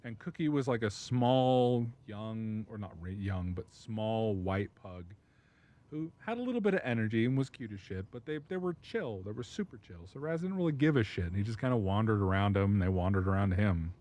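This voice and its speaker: A man's voice: fairly low pitch, animated, brisk, darkish tone. A man streaming and telling a rambling dog story, laughing often and swearing freely. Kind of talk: casual chat.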